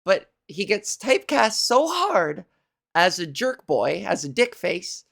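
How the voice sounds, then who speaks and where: A woman's voice: mid-range voice, sing-song, slow, creaky, a bit bright. A woman comedian hosting her own podcast, rambling through a profane comic monologue.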